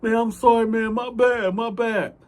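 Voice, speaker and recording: A man's voice: very high-pitched, fairly even intonation, normal speed, darkish tone, pitched above the performer's own voice. Scared, whining male inmate with a raised, pleading voice, put on by a man telling the story. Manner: whiny, stammering, begging. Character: frightened pleading male inmate caught stealing.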